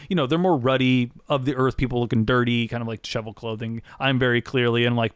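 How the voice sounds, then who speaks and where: A man's voice: mid-range voice, smooth, dry recording, studio quality. A man casually recapping a role-play episode on a podcast, rambling with lots of fillers.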